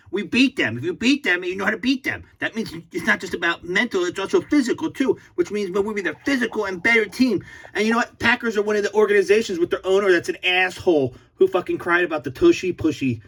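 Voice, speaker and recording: A man giving a mocking, profane sports-fan rant and laughing at himself. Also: fairly high pitch. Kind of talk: ranting fan commentary.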